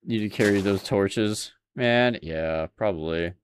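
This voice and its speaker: A relaxed young man talks through his gameplay to his stream chat in a low, easygoing voice. He chats loosely, laughs often and drifts between remarks about the game and his audience. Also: unhurried, slight background noise. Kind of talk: casual gameplay commentary.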